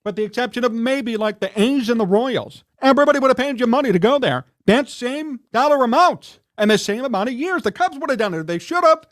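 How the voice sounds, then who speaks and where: A man's voice: very high-pitched, lively intonation, brisk, hardly any pauses. A man hosting a live sports talk show, ranting in a heated, indignant and scolding way. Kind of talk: livestream sports rant.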